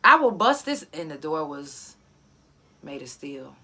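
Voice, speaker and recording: A woman's voice: low-pitched, very animated, a little slow, bright, forceful tone. A woman telling her story in casual, profane talk, acting out the voices of the people she quotes.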